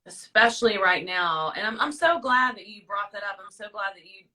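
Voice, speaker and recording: A woman's voice: mid-range voice, brisk, pushed and bright, far from the mic, rough recording. A woman hosting a casual livestream chat, encouraging and emotional as she talks. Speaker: host.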